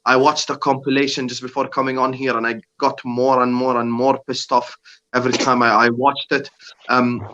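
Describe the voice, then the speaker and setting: A man's voice: mid-range voice, little pitch movement, moderate pace, bright, forceful tone, dull audio, a little hiss or hum. A man chatting casually about football on a panel, blunt and exasperated, repeating himself.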